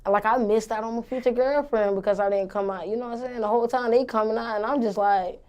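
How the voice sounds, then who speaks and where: A woman's voice: a little high, steady tone, fast talker, darkish tone. A young woman rapper answering interview questions in a blunt, confident, slangy way.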